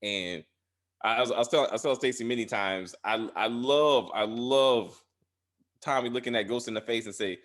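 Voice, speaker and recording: A man co-hosting a casual TV recap chat, acting out character lines in an animated way. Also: medium pitch, moderate pace. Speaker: podcast co-host.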